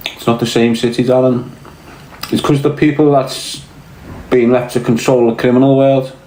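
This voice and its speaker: Scouse male, mid-pitched, blunt and sweary podcast ranter, roomy echo. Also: level tone, normal speed, warm tone, a little hiss or hum. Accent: Liverpool (Scouse). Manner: blunt, heavy swearing, fired-up. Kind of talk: casual rant.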